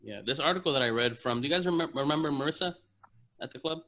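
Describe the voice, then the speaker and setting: A man co-hosting a podcast, his voice sharp and bright. He talks loosely, hedges a lot, and swears casually while talking about training clients. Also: fairly high pitch, fast talker. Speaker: podcast co-host, personal trainer.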